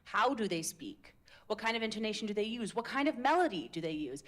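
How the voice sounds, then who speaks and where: A woman's voice: mid-range voice, sing-song, a little fast. A woman coaching a live public speaking workshop, talking in an upbeat, casual, demonstrative way into a handheld mic. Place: indoor meetup room with a group. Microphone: handheld microphone.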